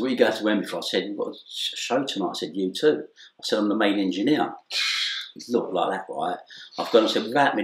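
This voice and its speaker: A middle-aged man telling an anecdote in casual conversation, acting out the dialogue and laughing often. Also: sits low. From England. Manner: animated storyteller, acts out dialogue, laughs often. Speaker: interview guest. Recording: echoey room.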